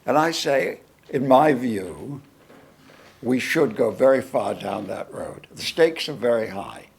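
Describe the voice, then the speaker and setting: A man, a guest lecturer, answering audience questions in a lecture hall in a deliberate, wry manner. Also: mid-range voice, lively intonation, creaky, breathy edge.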